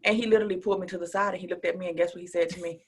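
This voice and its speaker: A woman guest in an interview, telling stories and acting out quotes, her voice swinging from soft near-whispers to loud exclamations. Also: lowish voice, racing, breathy edge. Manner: animated storyteller who acts out quotes, dropping to a whisper and rising to near shouts. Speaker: interview guest, speaker and coach. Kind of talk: casual interview chat.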